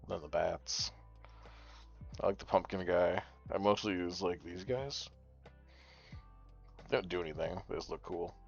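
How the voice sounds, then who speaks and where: A man with a deep, gravelly voice rambles through his game commentary, talking straight to chat and swearing freely. The stream audio is dull and lo-fi, with faint music underneath. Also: measured pace, long pauses. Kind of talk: casual gaming commentary.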